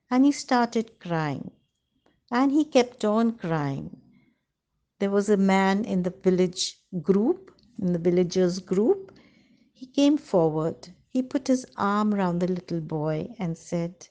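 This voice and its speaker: A woman narrating a children's fable in an expressive storytelling manner, sometimes asking the listener questions. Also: mid-range voice, takes it slowly.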